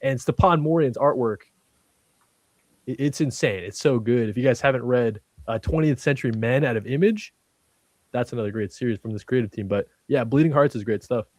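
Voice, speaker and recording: A man with a mid-range voice, eagerly recommending and praising comics in a casual panel chat. His talk is energetic and gushing. The recording is close and dry. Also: medium pitch, fairly quick, dry recording. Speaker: podcast co-host.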